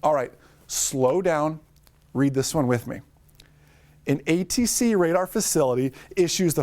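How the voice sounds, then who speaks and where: A man teaching a live online lesson for drone pilots, talking fast and upbeat, greeting viewers by name. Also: a little high, a little mellow.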